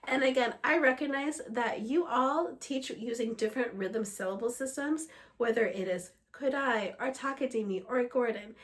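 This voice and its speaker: A woman music teacher walking other teachers through a lesson plan in an explanatory, steady way, slightly under the weather. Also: fairly high pitch. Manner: explanatory, steady, breaks into short sung examples.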